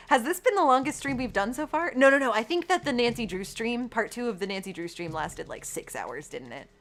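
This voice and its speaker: A young woman streaming a life-sim game, chatting to her viewers and often squealing with excitement. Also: on the high side, normal speed. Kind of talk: gaming livestream chat. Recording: faint background game music.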